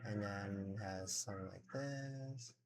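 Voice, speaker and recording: A man's voice: on the low side, unhurried, a crowd in the background. Rambling young man talking while drawing. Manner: rambling, filler-heavy, swears a lot, self-conscious. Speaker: drawing vlogger. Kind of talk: casual unscripted talk while drawing.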